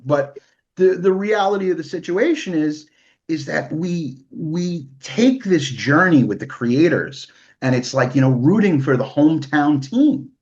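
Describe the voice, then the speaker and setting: A man's voice: a little high, expressive, moderate pace, a little mellow, muffled recording. A man from New hosting a podcast, talking emotionally and swearing freely in casual chat. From New York. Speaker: podcast host.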